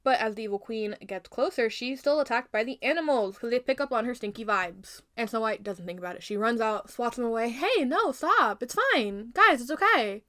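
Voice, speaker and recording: A young woman casually retelling a fairy tale in her own version, animated and jokey, with plenty of asides. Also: a little high, brisk, few pauses. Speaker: youtuber retelling a story.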